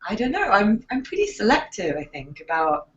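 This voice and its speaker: A woman's voice: mid-range voice, huge pitch swings, normal speed, muffled recording. A woman with an English accent, answering interview questions thoughtfully, with frequent fillers and restarts. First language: English accent in real speech. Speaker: actress interviewed as guest.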